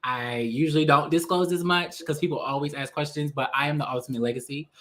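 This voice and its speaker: A young man co-hosting a casual panel chat, telling his story in an animated way and laughing often. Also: on the high side, quick pace. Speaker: co-host.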